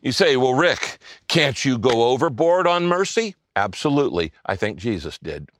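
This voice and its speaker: An older man preaching a sermon in a conversational style, asking the listeners questions and dropping to a soft hush on key phrases. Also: medium pitch, big pitch swings, moderate pace, slight background noise. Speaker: pastor.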